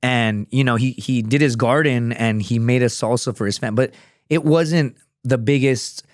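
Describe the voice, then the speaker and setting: A man with a middling voice, neither high nor low, tells a long story in a relaxed, meandering way. He swears freely and keeps it loose. The sound is dry and close, as in a podcast studio. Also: normal speed, no echo. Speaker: podcast guest, veteran. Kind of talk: casual podcast conversation.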